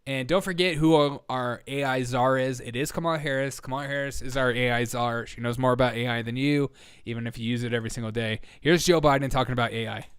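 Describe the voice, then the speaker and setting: A man hosting a political comedy show, delivering the news with deadpan sarcasm that keeps cracking into laughter. His voice is smooth and resonant, and it sits at an ordinary middle pitch. He is recorded close on a mic in a dry room with no echo. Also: fast talker.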